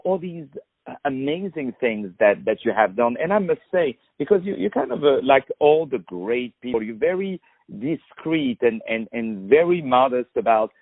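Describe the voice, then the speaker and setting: A French-accented man hosts a radio interview and heaps on praise in a halting way, stumbling through fillers. His voice is tinny and narrow, like a phone line, and dry, with no room sound. His pitch is middling for a man. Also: dry recording. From France. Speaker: radio host.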